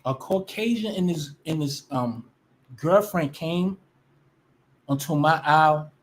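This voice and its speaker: A woman's voice: low-pitched, takes it slowly. A woman ranting casually to her viewers, blunt and profane, often restarting her sentences. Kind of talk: casual rant to camera.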